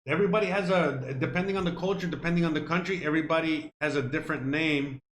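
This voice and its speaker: A man's voice: fairly high pitch, fast talker, fairly bright tone, a little hiss or hum. A Cuban-born man hosting his cooking live stream, chatting casually with viewers in a rambling, profane way. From Cuba. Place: home kitchen. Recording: echoey room with faint music.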